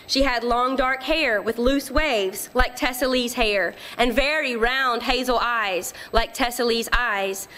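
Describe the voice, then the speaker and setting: A woman's voice: a little high, fairly bright tone. A woman author who talks plainly about her novel and reads passages from it aloud. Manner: conversational, explains plainly before reading.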